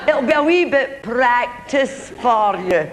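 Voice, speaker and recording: A woman's voice: a little high, lively intonation, takes it slowly, a faint crowd, slight background noise. A woman acting a proud, fussing middle-aged mother with a Glaswegian Scottish accent, coaxing her son to perform, recorded live in a theatre. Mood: doting bossy. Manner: coaxing, bossy.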